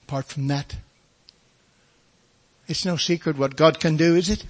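Older male preacher, husky, folksy testimony storyteller. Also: a little high, moderate pace, pauses often. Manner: storytelling, folksy, acts out voices of others. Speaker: preacher giving his testimony. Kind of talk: testimony sermon.

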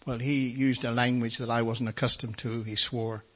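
A man's voice: medium pitch, flat delivery, normal speed, fairly bright tone. An older man preaching and telling his life story in a folksy storytelling manner, acting out other people's voices. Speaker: preacher giving his testimony. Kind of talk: testimony sermon.

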